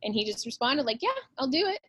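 A woman's voice: on the high side, very animated, a bit bright, breathy edge. A woman, a real estate agent talking bluntly and with plenty of swearing in a casual podcast interview. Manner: blunt and profane, fast-flowing pep talk.

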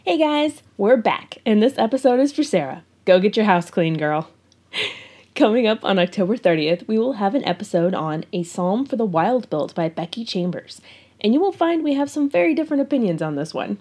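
A woman co-hosting a book podcast, reading the intro and chatting in a relaxed, friendly way. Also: medium pitch, fairly quick, breathy edge. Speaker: podcast co-host.

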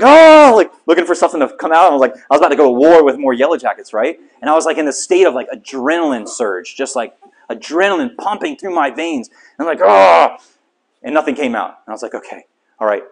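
Animated man telling a story in a sermon. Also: on the high side, quick pace. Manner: animated storytelling with self-mocking humor. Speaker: pastor.

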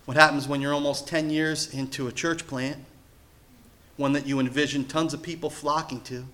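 Man preaching, animated storyteller, fairly high and bright voice. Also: normal speed. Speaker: pastor. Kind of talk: sermon.

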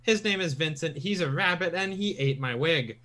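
A laid-back player chatting casually at a tabletop game stream, a bit halting with repeated words, a man by the page. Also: a little high, animated, sharp tone. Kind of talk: casual chat.

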